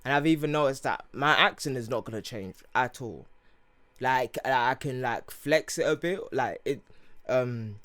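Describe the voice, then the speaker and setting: With a bit of brightness in his mid-range voice, this podcast co-host, a young man from Nigeria of Yoruba heritage with an English accent, talks at a measured pace in loose, filler-heavy conversation.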